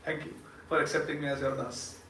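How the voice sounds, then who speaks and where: A man's voice: a little high, little pitch movement, brisk, slight background noise, pitched below the performer's own voice, close to an everyday voice. A man doing a meek, contrite devotee. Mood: grateful. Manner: soft, meek and apologetic. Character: contrite male devotee begging forgiveness. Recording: roomy hall, distant mic.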